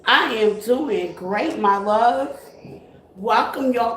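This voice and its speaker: A woman's voice: fairly high pitch, lively intonation, slow pace. A woman hosting a tarot live stream, chatting casually and greeting her viewers with terms like baby and honey. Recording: echoey room, faint noise.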